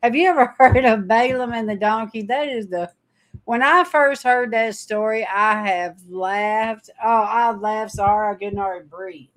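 A woman's voice: fairly high pitch, unhurried, a little hiss or hum. A woman teaching a livestream Bible study, reading scripture and retelling stories in a chatty way with frequent laughter. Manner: chatty, laughs often while telling stories.

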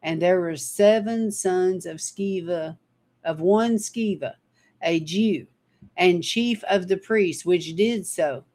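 A woman's voice: fairly low pitch, slow pace, darkish tone. A woman teaching a livestream Bible study, reading scripture and retelling stories in a chatty way with frequent laughter. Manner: chatty, laughs often while telling stories.

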